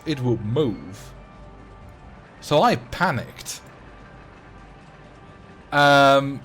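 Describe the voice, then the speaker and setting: Man in his late twenties telling rambling anecdotes. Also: mid-range voice. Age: late 20s. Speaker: livestream host. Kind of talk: casual livestream chat.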